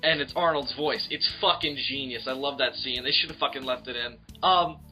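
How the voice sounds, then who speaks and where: A man's voice: mid-range voice, moderate pace, sharp tone, soft background music. A man co-hosting a casual film discussion, emphatic and opinionated, and he swears freely. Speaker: podcast co-host.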